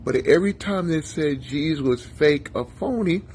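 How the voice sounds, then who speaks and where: A man's voice: a little high, animated, moderate pace, darkish tone, slight background noise. A male pastor giving a conversational sermon in a folksy, chatty manner, talking to his listeners by name.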